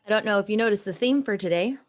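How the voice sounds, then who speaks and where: A woman's voice: mid-range voice, rapid-fire, no echo. An American woman co-hosting a casual podcast chat, playful and giggly with theatrical asides. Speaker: podcast co-host.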